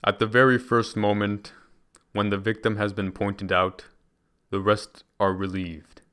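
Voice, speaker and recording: A man reads from a book in a measured, deliberate manner. His voice sits on the low side and rings smooth and full. Now and then he stumbles and starts a phrase again. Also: little pitch movement, a bit bright. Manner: measured, deliberate reading with occasional restarts. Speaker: reader. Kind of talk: reading a book aloud.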